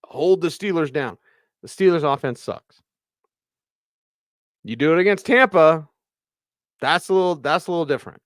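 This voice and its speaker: Chatty, excitable sports radio host. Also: male voice, a little high, no room sound, clean studio sound. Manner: excitable, chatty, fast bursts. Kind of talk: live postgame show reading viewer comments.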